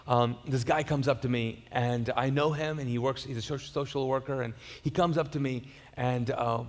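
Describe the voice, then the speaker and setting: A man's voice: mid-range voice, steady tone, moderate pace, big-room sound. A man preaching a sermon as pastor, conversational and storytelling, with frequent restarts and repeated words. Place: church auditorium.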